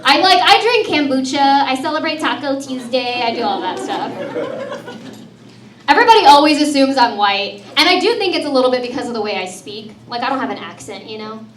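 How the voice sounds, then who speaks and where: An American woman in her thirties performs a breezy, self-mocking stand-up set on a comedy club stage, sprinkling in "dude" and "man." Her voice is high-pitched and lively in intonation, fairly quick, heard from a distance in an echoey club with the crowd audible and a noisy background.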